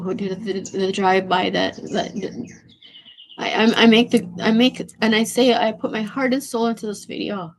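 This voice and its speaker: A woman livestreaming an emotional rant. Her voice is tearful, shaky and a bit hoarse, and she stammers, repeats herself and swears bluntly. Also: mid-range voice. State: hoarse from losing voice. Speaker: livestream host.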